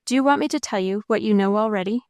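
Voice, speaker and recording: A woman's voice: mid-range voice, fast, clean tone, no room sound, studio quality, lightly acted. A woman narrator voicing a shy, meek young wife in an audiobook. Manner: soft, meek.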